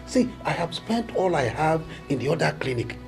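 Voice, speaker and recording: Desperate Nigerian hunter; loud pleas, swooping pitch. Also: male voice, big pitch swings, moderate pace, creaky, over music. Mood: pleading. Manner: pleading, cries out loudly. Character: desperate poor village hunter, man. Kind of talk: Nollywood film acting.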